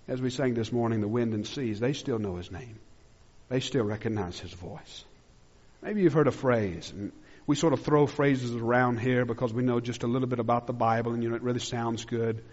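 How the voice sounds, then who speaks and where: A man pastor preaching a sermon, swinging between loud emphatic declarations and hushed, low passages. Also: normal speed. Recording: dull lo-fi sound with long hall reverb.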